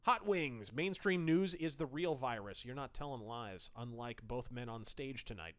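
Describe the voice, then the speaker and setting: A man's voice: mid-range voice, moderate pace, fairly bright tone. A man hosting a livestream, reading chat messages aloud and commenting in a snarky, profane, sarcastic way.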